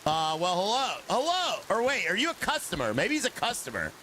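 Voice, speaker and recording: Animated man streaming a game. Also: sits high, fairly quick, slight background noise. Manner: joking, chats with viewers, groans at long dialogue. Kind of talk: casual live gaming commentary.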